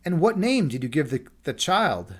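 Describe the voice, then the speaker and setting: A man's voice: fairly high pitch, sing-song, normal speed. A man voicing a kind, trusting little mouse in a fairy tale, with a light, eager reading voice. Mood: curious.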